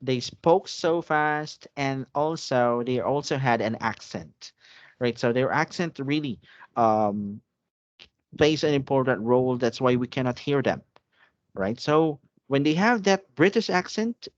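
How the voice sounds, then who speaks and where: A man's voice: medium pitch, unhurried, no room sound, lo-fi sound. A man tutoring English in an online one-on-one lesson, patiently checking that his student understands.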